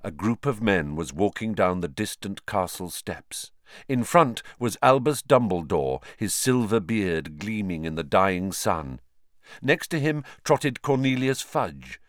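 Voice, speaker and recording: A man reading a storybook aloud in expressive scripted narration. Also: on the low side, unhurried, no room sound, clean studio sound. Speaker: audiobook narrator.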